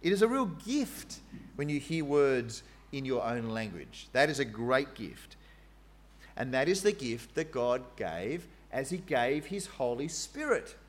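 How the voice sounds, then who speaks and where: Man, preacher, conversational sermon, lively pitch, asides. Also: unhurried. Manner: animated, conversational, with fillers and asides.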